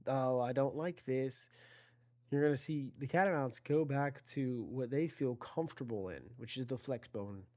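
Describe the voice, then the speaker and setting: A man's voice: mid-range voice, normal speed, dark tone. A man giving casual play-by-play commentary on an online video game football league, chatty and self-correcting, talking to his chat and rising on big plays.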